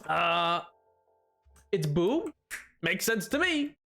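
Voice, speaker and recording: A man with a notably high voice streams a game and chats with viewers between moves. He talks in a loose, teasing way, joking back at the chat. Soft music plays faintly under his voice. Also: very animated, drawn-out words. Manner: playful, jokey, answers chat while gaming. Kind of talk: casual live-stream chat reading.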